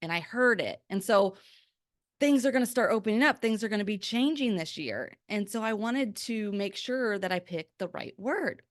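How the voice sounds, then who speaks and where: A woman's voice: medium pitch, normal speed, no echo. Woman podcaster, chatty faith pep talk, lots of "like", dry close sound. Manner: chatty, energetic, full of "like" fillers. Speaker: podcast host.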